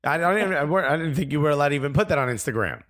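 A man's voice: fairly high pitch, lively intonation, rapid-fire, a bit bright, no echo. A man co-hosting a podcast in casual chat, earnest and emphatic, with some self-deprecating humor. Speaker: podcast co-host.

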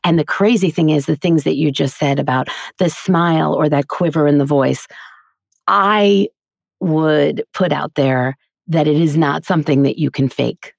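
A woman's voice: low-pitched, moderate pace, creaky, dry recording, studio quality. A middle-aged woman, a voiceover artist and teacher, speaking earnestly and emphatically as a guest in a casual podcast interview.

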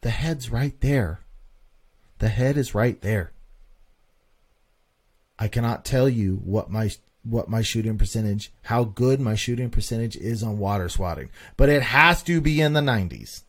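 A man's voice: mid-range voice, lively intonation, a little slow. A man hosting a casual podcast monologue, talking emphatically and repeating points for stress. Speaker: podcast host.

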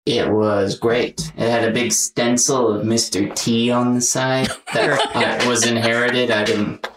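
A man's voice: medium pitch, flat delivery, a little slow, a bit bright. A man from Alabama with a light Southern accent, a comedian guest chatting casually and laughing often. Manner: laid-back, laughs often. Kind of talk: casual podcast chat. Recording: roomy echo, distant from mic.

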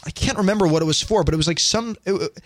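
A man's voice: high voice, quick pace. A man hosting a podcast in casual chat, rambling along and reading out listener chat comments. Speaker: podcast host.

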